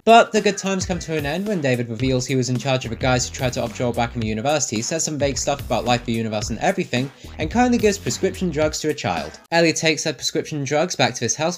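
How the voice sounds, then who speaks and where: A young man giving wry, teasing commentary over gameplay, grumbling at the game and joking about the story. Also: on the high side. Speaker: gaming video creator.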